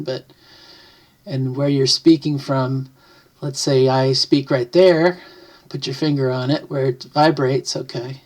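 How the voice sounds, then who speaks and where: A middle-aged woman vlogs at home near the kitchen, casually explaining things to the camera while rambling, thinking aloud, and often correcting herself mid-sentence. Her voice is very deep with a darkish tone.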